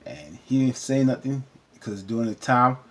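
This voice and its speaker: A man recapping a TV episode in a casual, animated, rambling way, often cutting himself off, with features. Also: medium pitch, normal speed. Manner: animated, rambling, self-interrupting. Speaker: TV recap vlogger. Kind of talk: casual chat.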